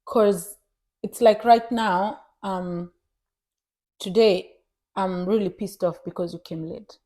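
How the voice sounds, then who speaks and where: A young woman co-hosting a casual chat podcast. She talks in an animated way, switching between English and Swahili. Her voice is mid-pitched and she acts out what others said to her. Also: takes it slowly. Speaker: podcast co-host.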